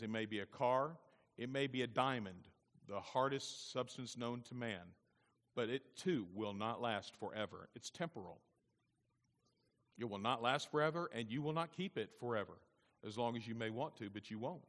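A middle-aged man preaching a sermon as pastor, swelling to loud emphatic peaks and slowing down on key words. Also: medium pitch, long reverb tail.

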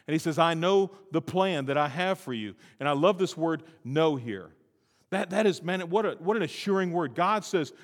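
A middle-aged male pastor preaching a sermon, rising to loud, emphatic peaks and dropping to slow, quiet lines. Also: long reverb tail. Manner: climbs to high, emphatic peaks and drops to soft, slow lines.

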